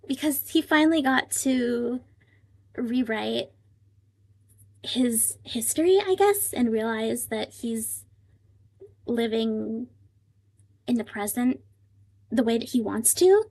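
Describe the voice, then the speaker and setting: Woman, live-stream chat, thinking aloud, slightly high voice. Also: slow pace, long pauses, darkish tone. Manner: thinks aloud while translating, many fillers, emotional. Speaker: livestream translator.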